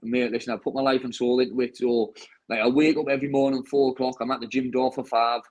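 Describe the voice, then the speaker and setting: A young British bare-knuckle fighter chats after a fight with a quick pace and fairly even intonation, his medium-pitched voice darkish in tone. He restarts a lot and uses "mate" in every sentence. The recording is low quality.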